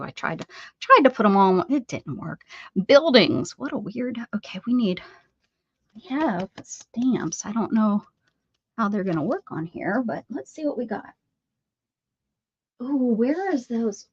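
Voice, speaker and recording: A woman hosting an art livestream, chatting casually and muttering to herself while she crafts. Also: medium pitch. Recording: dull lo-fi audio with faint noise.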